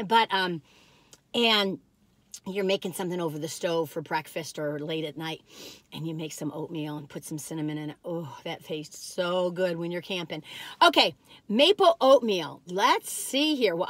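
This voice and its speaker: A woman's voice: medium pitch, fairly bright tone, dry recording. A woman in her sixties chatting casually as a cookie review vlogger, exuberant and rambling, breaking into whoops and laughter as she talks straight to her viewers. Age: 60s. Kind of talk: casual chat.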